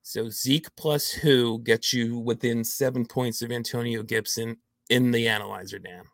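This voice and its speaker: A man's voice: mid-range voice, steady tone, measured pace, vocal fry, no echo. A man hosting a fantasy football trade quiz on a casual podcast, reading out values and laughing often. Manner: reads out numbers, laughs often. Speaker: host running a trade quiz.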